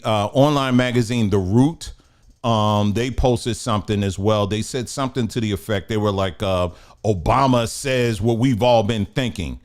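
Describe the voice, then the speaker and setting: Hosting a laid-back news commentary show, a middle-aged man talks in a lowish, slightly mellow voice. His delivery wanders, with frequent muttering to himself and regular laughter.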